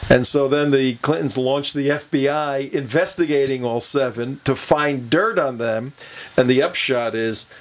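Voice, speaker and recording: A man's voice: mid-range voice, a little slow. A man hosting a political talk radio show, telling a long rambling story with many fillers and chuckles.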